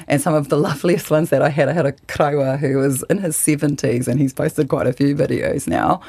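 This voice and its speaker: A woman's voice: deep voice, a little mellow. A woman, answering interview questions with passion and indignation. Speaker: activist guest.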